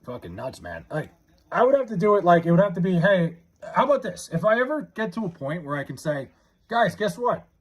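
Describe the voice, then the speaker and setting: A young man talks off the cuff on a live stream, rambling, swearing and restarting his sentences. His voice sits a bit high and swings a lot in pitch, with a husky edge. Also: big pitch swings, quick pace. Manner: rambling, profane, with frequent restarts. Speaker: livestreamer reading chat. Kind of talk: casual live-stream chat.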